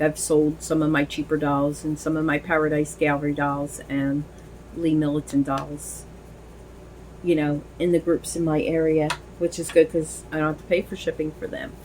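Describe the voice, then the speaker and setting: Middle-aged lady rambling on in a home vlog, kinda low voice, says like and you know a lot, little bit of background hiss. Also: darkish tone, low-quality recording. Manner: rambling, chatty, many fillers and restarts. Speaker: vlogger. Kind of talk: casual chat while dressing a doll.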